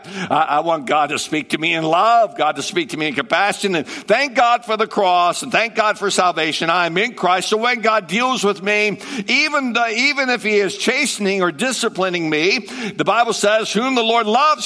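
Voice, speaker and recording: A man's voice: a little high, pushed and bright, big-room sound. A male pastor preaching a sermon, emphatic, repeating phrases and asking rhetorical questions.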